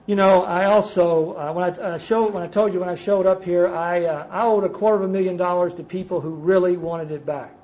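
Older man, personal recovery testimony, storytelling, emphatic, loud bursts and quiet asides, slightly high voice. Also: fairly even intonation, a little fast, hardly any pauses, highs cut off, a little hiss or hum. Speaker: speaker at a recovery conference. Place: conference gathering before a live audience.

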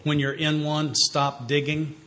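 A man's voice: fairly high pitch, flat delivery, measured pace, sharp tone. Easygoing man, faint background hiss. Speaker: speaker at a recovery meeting. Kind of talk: casual talk.

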